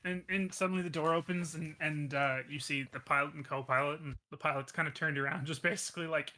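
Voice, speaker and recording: Bright-voiced man running a tabletop game. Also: fairly high pitch, fairly even intonation, fast talker. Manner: casual, full of fillers and restarts. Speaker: game master.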